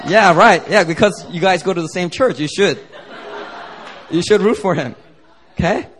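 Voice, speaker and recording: A man preaching a sermon as pastor, telling a lively, joking story to the congregation. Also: high-pitched, moderate pace, slight background noise. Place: church service.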